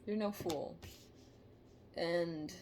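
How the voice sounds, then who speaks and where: A woman giving a casual tarot reading to camera, halting and emotional, sighing and musing aloud. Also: lowish voice, darkish tone, a little hiss or hum. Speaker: tarot reader.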